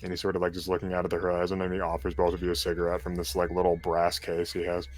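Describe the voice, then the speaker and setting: A man's voice: sits low, completely flat delivery, racing. A man narrating a tabletop game as game master, in a loose, casual way.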